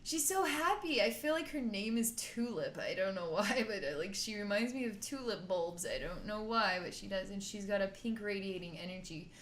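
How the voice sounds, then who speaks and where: A woman's voice: mid-range voice, lively intonation, normal speed, few pauses, fairly bright tone, reverberant, slight background noise. A woman working as a psychic healer, guiding a distance healing session in an effusive, giggly, rambling way.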